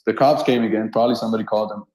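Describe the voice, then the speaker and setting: A man in his thirties from Colombia, a street artist telling funny anecdotes in a relaxed, animated way and laughing often. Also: on the low side, racing. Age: 30s. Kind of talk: casual storytelling. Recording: roomy echo.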